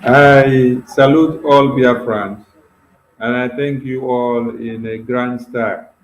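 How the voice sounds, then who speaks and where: A man speaks slowly at a middle pitch, formal and saluting with a touch of amusement. His voice rings in a roomy space. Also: steady tone, slight background noise. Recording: roomy echo.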